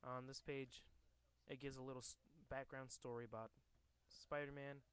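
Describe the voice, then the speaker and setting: A man's voice: mid-range voice, level tone, moderate pace, clean tone. A man casually reading a comic book aloud to a camera, hesitant with many fillers and restarts.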